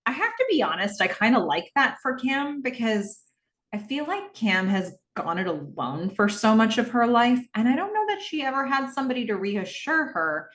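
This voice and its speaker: A woman's voice: a little high, big pitch swings, moderate pace, a bit bright, roomy sound. A woman hosting a TV rewatch podcast, recapping scenes and thinking aloud with frequent fillers. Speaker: podcast host.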